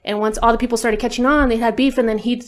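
A woman's voice: fairly high pitch, fairly even intonation, quick pace. Young woman guest telling a story, casual, swears a lot, loads of fillers. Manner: candid, profane, lots of fillers. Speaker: interview guest.

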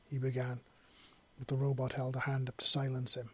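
A man's voice: mid-range voice, completely flat delivery, fairly quick, breathy edge. A man narrating his own fan fiction in a casual, sweary storytelling manner. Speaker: narrator, podcast author.

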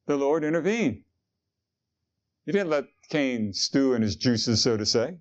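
A man's voice: mid-range voice, animated, measured pace, lo-fi sound. A man preaching a sermon in an earnest, conversational way, asking his listeners questions. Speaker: pastor.

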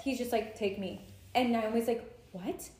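A young woman co-hosting a podcast, recapping a novel in a casual, animated way and acting out the characters' lines. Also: a little high, moderate pace, roomy sound. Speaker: podcast co-host. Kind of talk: casual chat.

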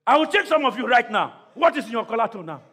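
A man preaching a sermon to a church congregation, calling out questions to the crowd and often shouting. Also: extremely high pitch, very animated, fast. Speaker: pastor.

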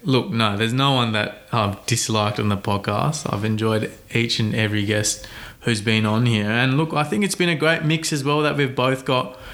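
A man's voice: medium pitch, fairly even intonation, moderate pace, a bit bright. Earnest man, restarts with "look". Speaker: podcast co-host. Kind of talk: casual podcast chat.

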